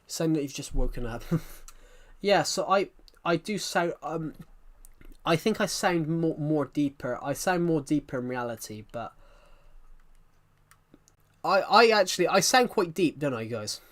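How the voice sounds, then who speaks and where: A British man with a fairly high voice talks casually with his stream viewers. He pushes his voice louder and brighter than his usual way of speaking, and he rambles and apologizes often as he reads and answers the chat. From United Kingdom. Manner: puts on a louder, happier voice for the stream; rambling, chatty, quick to apologize. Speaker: live streamer.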